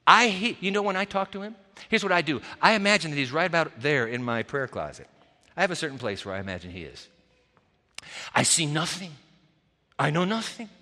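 A man preaching a storytelling sermon, swinging dramatically between loud bursts and hushed near-whispers. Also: mid-range voice, long reverb tail.

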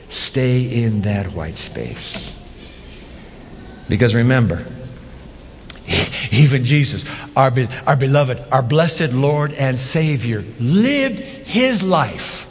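A man preaching a sermon as pastor, animated, with rhetorical questions and emphatic repetition. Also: medium pitch, in a large hall, a little hiss or hum.

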